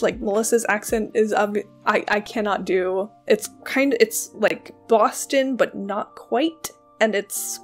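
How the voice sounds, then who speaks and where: Woman, fairly high voice, casual book chat, lots of "like" and restarts, faint music underneath. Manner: chatty, with many fillers and self-corrections. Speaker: host of a book reading channel. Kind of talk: casual spoken literary discussion.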